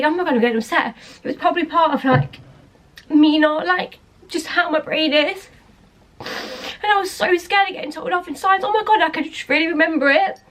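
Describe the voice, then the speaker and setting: Rambling young woman vlogger. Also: a little high. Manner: rambling, hesitant, self-interrupting. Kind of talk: candid personal talk to camera.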